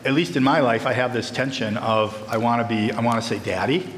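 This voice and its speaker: A man's voice: mid-range voice, steady tone, fairly quick, a little hiss or hum. Earnest male pastor in an echoey hall. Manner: earnest, emphatic, addresses the congregation directly. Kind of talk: sermon. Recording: echoey hall, faint ambience.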